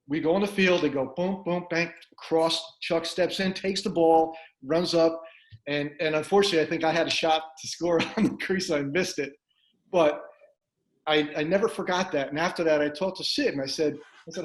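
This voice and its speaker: Older man, ex-player, animated storyteller; a bit high-pitched, echoey room. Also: fairly quick. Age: 60s. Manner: lively anecdotes, acts out his coach's lines. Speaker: former college lacrosse player. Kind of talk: animated storytelling among teammates. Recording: roomy echo.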